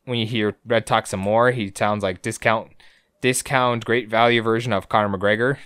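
A man's voice: on the low side, steady tone, normal speed, fairly bright tone, clean tone, no echo. A man co-hosting a podcast, recapping episodes in a joking, profane, rambling way. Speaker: podcast co-host. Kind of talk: casual recap chat.

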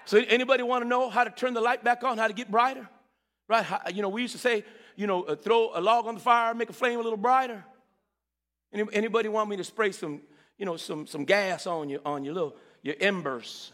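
A man preaching a sermon with enthusiasm, repeating words and swinging between loud calls and low murmurs. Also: brisk, in a large hall.

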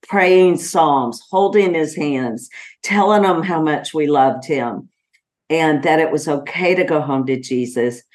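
A middle-aged woman with a low voice talks in an unhurried, gentle way, pausing often and filling gaps with soft ums. It sounds like a heartfelt personal podcast monologue. Her warmth comes through in how she takes her time. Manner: slow, gentle and heartfelt, with frequent pauses and fillers. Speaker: podcast host.

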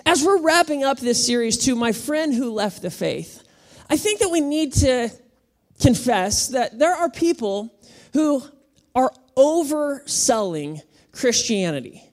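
A woman pastor preaching to a congregation in an animated, playful way, calling on the room to answer back. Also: high-pitched, unhurried. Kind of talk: sermon. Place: church auditorium with congregation.

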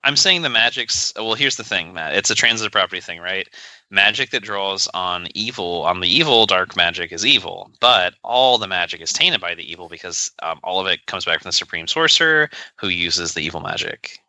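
Low and quick, with lively intonation and a sharp edge, this man's voice is recorded dry. He co-hosts a podcast, chatting casually in a joking, sarcastic way and rambling with lots of fillers.

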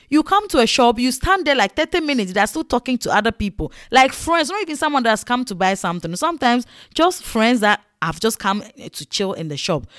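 A woman telling casual stories in a chatty, animated way, full of fillers. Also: a little high, dry recording, clean studio sound. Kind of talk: casual storytelling vlog.

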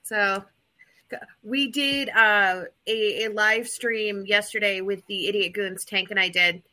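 Chatty woman co-host, very bright tone, rambling delivery. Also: medium pitch, fairly even intonation, takes it slowly. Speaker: podcast co-host. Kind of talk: casual chat.

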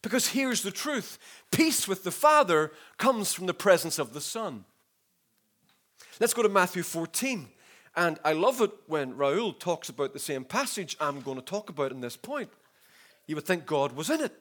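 A man delivers a sermon with a high, bright voice. He tells the story animatedly, swinging between raised, emphatic lines and hushed asides. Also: sing-song, moderate pace. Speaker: preacher.

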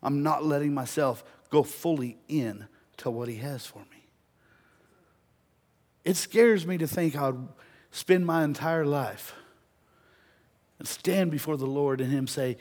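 A man preaching a sermon, telling a story and building to loud, emphatic peaks. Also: on the high side, measured pace, long pauses.

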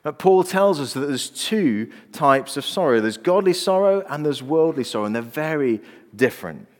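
A man's voice: fairly high pitch, animated, normal speed. A man, preaching a sermon as a pastor and telling personal stories earnestly. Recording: long reverb of a large hall.

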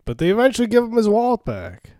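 Guy on a movie podcast, laughing and cussing a lot, lively up and down voice, dry sound. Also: sits high, fast talker, no room sound. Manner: laughing, profane, animated retelling. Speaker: podcast co-host. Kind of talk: casual movie recap chat.

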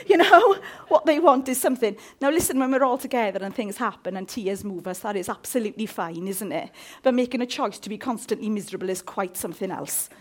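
A woman's voice: medium pitch, brisk, few pauses. A woman preaching a humorous sermon, often asking her listeners questions. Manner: animated, humorous, asks the audience questions.

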